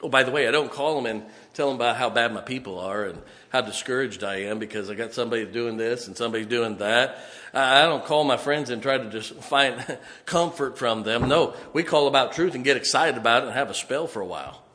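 A man preaching a fiery, folksy sermon, building emphatically to loud peaks. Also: medium pitch, brisk. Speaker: pastor. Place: church sanctuary.

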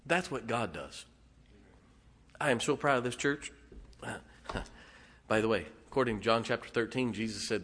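A man preaching in a church sanctuary, his voice carrying a long reverb off the walls. He talks in a folksy, homespun way at a middle pitch, sinking into quiet stretches before building to loud bursts. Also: measured pace, long pauses. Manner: folksy, swings from hushed to loud exclamations. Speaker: pastor. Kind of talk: sermon.

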